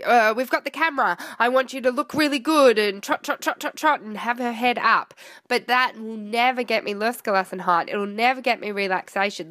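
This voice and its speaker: A woman riding coach talks a rider through a warm-up, relaxed and explanatory, with plenty of ums. Her voice sits at an ordinary middle pitch. The sound is dry, with hardly any room around it. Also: no room sound. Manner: relaxed, explaining with filler words. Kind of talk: instructional commentary.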